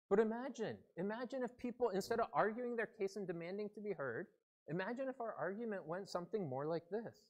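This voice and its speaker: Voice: mid-range voice, animated, brisk, darkish tone. Pastor, sermon, earnest and conversational, mid-range voice.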